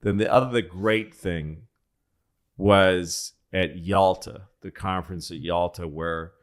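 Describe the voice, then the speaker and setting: A man's voice: deep voice, steady tone, slow pace. A man, a comedian on a podcast, telling a rambling, profane history story in casual chat.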